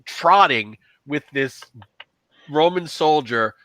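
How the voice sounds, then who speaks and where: A man's voice: on the high side, expressive, slow pace, sharp tone, poor audio. A man narrating as game master of a tabletop game, loose storytelling with lots of fillers.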